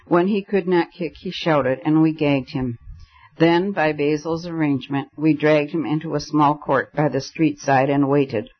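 Guy reading a story aloud, kinda high voice, muffled lo-fi recording. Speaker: audiobook narrator. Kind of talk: scripted narration.

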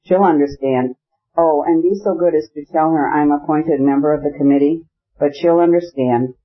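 A male narrator voicing an effusive, jovial middle-aged gentleman in an audiobook. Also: a little high, moderate pace, lo-fi sound, lightly acted. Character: beaming sociable gentleman, middle-aged man.

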